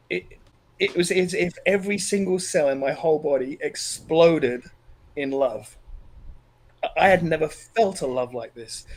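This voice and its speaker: An earnest, middle-aged man tells a deeply personal story as a podcast guest. His voice sits a little high for a man, and he stops and restarts his sentences as the emotion comes through. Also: low-quality recording. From Australia.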